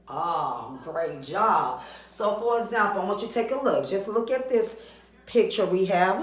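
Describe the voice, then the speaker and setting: A woman teacher giving a recorded reading lesson to young children, drawing out vowel sounds and asking the class questions. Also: on the low side. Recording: echoey room.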